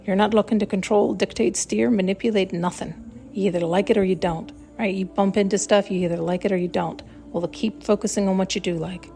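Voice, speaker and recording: A woman's voice: mid-range voice, steady tone, a little fast, mellow, soft background music. A woman hosting a podcast, talking in a rambling, blunt, casual self-help monologue and swearing freely. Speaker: podcast host.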